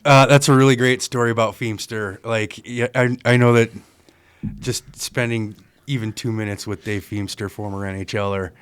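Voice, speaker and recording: A man's voice: medium pitch, steady tone, moderate pace, clean tone, dry recording. A man hosting a casual chat, answering a story with brief, appreciative reactions.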